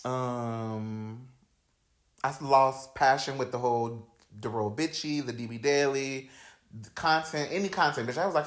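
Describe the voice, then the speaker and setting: A young man hosting a podcast, telling personal stories in a candid, slangy, dramatic way, dropping to low mutters and rising to loud outbursts. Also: unhurried. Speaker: podcast host. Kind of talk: candid storytelling chat. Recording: roomy echoey room.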